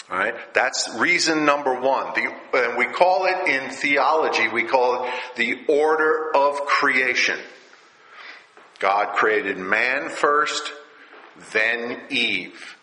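Slow, bright-voiced preacher man. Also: mid-range voice. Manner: rhetorical, keeps asking "all right?". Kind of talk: sermon teaching. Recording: echoey room.

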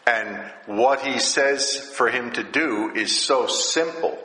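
A man preaching a sermon, reading scripture aloud and explaining it in a slow, drawn-out way, often lifting his voice when he quotes a character. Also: medium pitch, bright, forceful tone. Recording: roomy hall with long reverb.

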